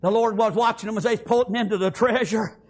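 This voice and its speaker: A high-pitched male preacher with a drawl delivers a fervent sermon. He tells folksy stories and keeps breaking into "praise God" and "amen.". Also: steady tone, fast talker, husky.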